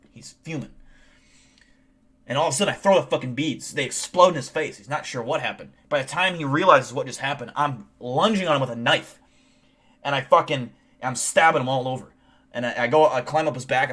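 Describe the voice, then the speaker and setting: A man's voice: medium pitch, fairly bright tone. A young man streaming live, chatting casually and telling a rambling, profane, boastful story.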